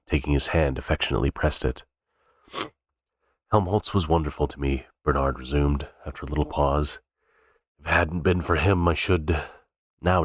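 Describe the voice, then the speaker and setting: Man with an extremely low voice, unrehearsed novel reading, occasional restarts, dry close sound. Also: no room sound. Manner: unrehearsed, stumbles and restarts words. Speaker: reader. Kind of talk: cold-read audiobook narration.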